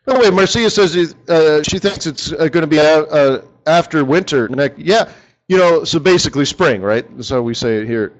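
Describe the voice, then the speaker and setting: A man's voice: on the high side, expressive, normal speed, muffled recording. A man leading a live forex strategy session, chatty and joking, talking straight to his viewers.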